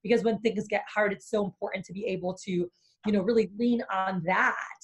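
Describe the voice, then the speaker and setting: Energetic woman coaching entrepreneurs. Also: mid-range voice, moderate pace. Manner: animated, acts out inner voices. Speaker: business coach and guest. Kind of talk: energetic interview talk.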